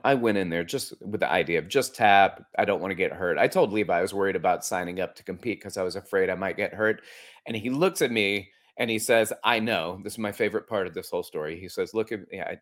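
Earnest low-voiced male podcast host. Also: fairly quick, fairly bright tone. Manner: earnest, reflective storytelling with frequent restarts. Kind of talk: personal story and coaching talk.

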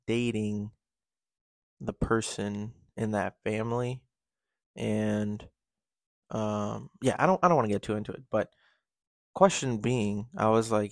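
Low-voiced man rambling on his podcast. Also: no echo. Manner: rambling, candid, with fillers and restarts. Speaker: podcast host. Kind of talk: casual solo podcast monologue.

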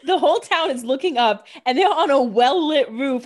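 A chatty young woman trading quick jokes as a podcast co-host. Her voice sits a little high, and she fills her talk with "like" in a loose, easy flow. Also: expressive. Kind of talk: casual recap chat.

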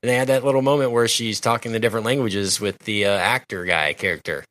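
A man's voice: lowish voice, fast, fairly bright tone, dry recording. A man co-hosting a podcast, musing aloud and asking playful questions about a film. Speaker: podcast co-host. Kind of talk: casual movie discussion.

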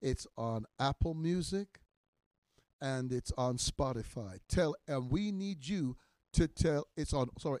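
A man in his sixties, a minister teaching in a podcast sermon, emphatic and repetitive, his voice swelling loud on key words. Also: a little high, measured pace, dry recording. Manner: repeats phrases for emphasis.

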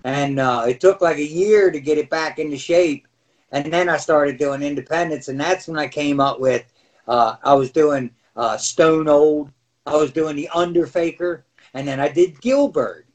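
High-pitched middle-aged guy telling old wrestling stories, lively, acts out everyone's lines, laughs a lot. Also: normal speed. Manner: animated, acts out quotes, laughs often. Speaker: podcast guest, former wrestler. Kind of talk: casual storytelling.

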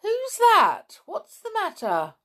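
A woman voicing a kindly grown man who explains things gently and patiently. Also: medium pitch, big pitch swings, slow, full character voice. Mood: concerned.

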